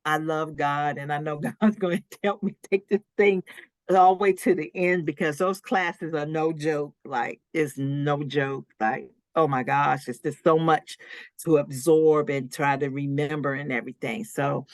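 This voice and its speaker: A woman's voice: deep voice, fairly even intonation, unhurried, dry recording, clean studio sound. A woman, a licensed minister, telling her personal testimony in an interview in an earnest way, acting out her own past words with sudden rises in voice.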